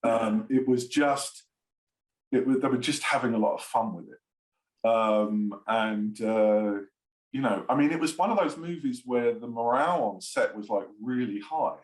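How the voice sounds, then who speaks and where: A man's voice: medium pitch, a little slow. Rambling man guest in a roomy space. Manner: rambling, many fillers, laughs often. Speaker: screenwriter and producer guest. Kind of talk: casual interview chat.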